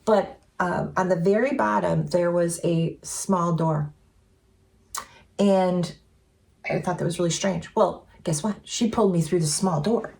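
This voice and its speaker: Earnest woman with a gravelly voice. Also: fairly low pitch, measured pace. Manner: earnest, chatty, with many fillers and softly voiced quotes. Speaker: co-host sharing spiritual experiences. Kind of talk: casual storytelling chat.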